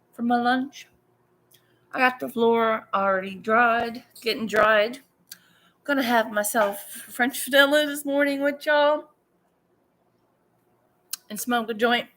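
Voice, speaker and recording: A woman's voice: on the high side, steady tone, slow, pauses often, fairly bright tone. A woman chatting casually with viewers on a home livestream, greeting them and drifting from topic to topic. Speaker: livestream vlogger. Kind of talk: casual live chat.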